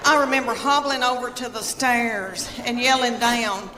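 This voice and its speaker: A middle-aged woman performing stand-up comedy, telling chatty stories whose punchlines trail off quietly. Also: on the high side, steady tone, moderate pace. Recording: echoey hall, loud audience and noise.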